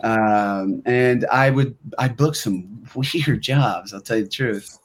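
A man's voice: lowish voice, takes it slowly. A young man, a guest actor, chatting casually on a podcast and acting out quotes as he tells his stories. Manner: animated storyteller acting out quotes.

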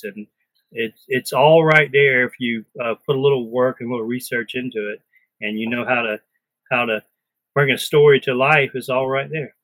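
A man with a Lowcountry South Carolina accent tells stories in an unhurried, easy way at a middle pitch. He is recorded close and dry. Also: a bit bright, no echo, rough recording. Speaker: historian and journalist. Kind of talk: podcast interview.

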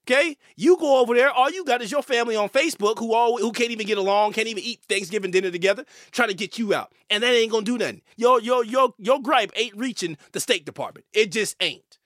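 A man's voice: very high-pitched, fast, hardly any pauses, no echo, clean studio sound. A male host, talking emphatically and swearing as he delivers opinionated commentary. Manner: animated, emphatic, swearing, with fillers and repeats.

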